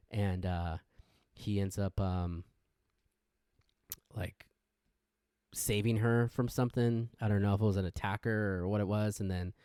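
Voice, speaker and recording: Rambling, low-voiced podcast host. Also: male voice, clear, resonant tone, no room sound, clean studio sound. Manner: rambling storytelling with sudden excited jumps. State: wired on energy drink. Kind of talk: casual solo intro rant.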